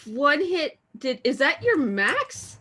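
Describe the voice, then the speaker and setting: A woman's voice: high-pitched, big pitch swings, slow, pushed and bright. A woman player at a tabletop game, jokey and playful, given to singing bits of songs. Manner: jokey, sings snatches of songs. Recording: faint background noise.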